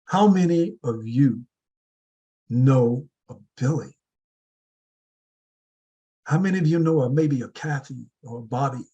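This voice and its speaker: Husky-voiced man giving a motivational talk. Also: medium pitch, lively intonation, mellow, muffled recording. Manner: deliberate, with repeated rhetorical questions. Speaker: club speaker. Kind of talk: motivational speech.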